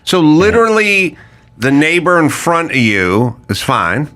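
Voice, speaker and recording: A man hosting a casual chat, interjecting with quick follow-up questions. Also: on the high side, very animated, bright, forceful tone. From Los Angeles. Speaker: host.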